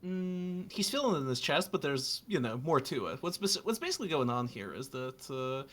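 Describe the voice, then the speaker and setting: A man's voice: fairly high pitch, big pitch swings, normal speed, fairly bright tone. A man playing a tabletop role-playing game, adding scene details while searching for his words. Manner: searching for words, many restarts. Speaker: player.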